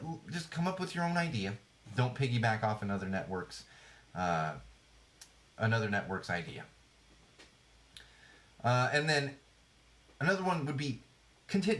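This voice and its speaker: On a podcast microphone, a man in his thirties with a medium-pitched, somewhat bright voice hosts his show. He wanders casually through sarcastic takes on TV trends, restarting often and using many fillers.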